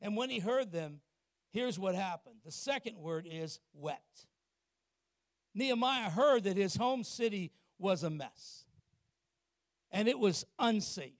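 A middle-aged man preaches a sermon in church with a notably high voice. He punches key points loudly, then drops to quiet, confiding asides, and keeps turning to the congregation with questions. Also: animated, slow pace, pauses often, dry recording, clean studio sound. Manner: asks the congregation questions and acts out little exchanges. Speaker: pastor.

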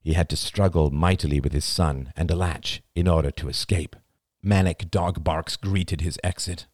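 A man reading a novel aloud as an audiobook, with expressive, dramatic storytelling. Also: deep voice, normal speed, dry recording, clean studio sound. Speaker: audiobook narrator. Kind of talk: scripted audiobook narration.

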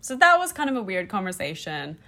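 A woman's voice: mid-range voice, a little fast. Woman cohost on a chatty podcast, voice jumps all over the place, teasing and laughing. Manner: teasing, animated, laughs often. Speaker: podcast co-host. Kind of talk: casual chat.

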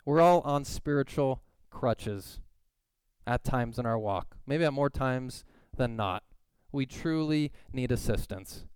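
Male pastor, mid pitch, smooth and resonant, close dry mic, lively storyteller. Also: takes it slowly, no echo. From California. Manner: animated storytelling, acts out quoted voices. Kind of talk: sermon with personal story.

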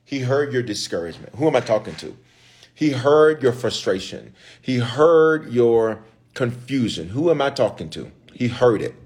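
A man who serves as bishop and pastor gives a slangy, conversational sermon at normal speed. His darkish voice sits at medium pitch but swings widely, and he repeats lines and calls out to the congregation in call-and-response preaching.

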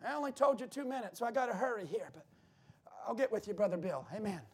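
A man with a strikingly high voice preaches in church. He works the congregation, shouting his key points and then slipping into quick, offhand asides. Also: slightly rough. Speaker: pastor. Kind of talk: sermon.

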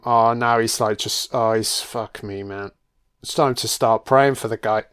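Brief: a male film commentator, casual and profane, mid-pitched. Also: steady tone, moderate pace, clean tone. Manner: blunt and profane, with frequent swearing.

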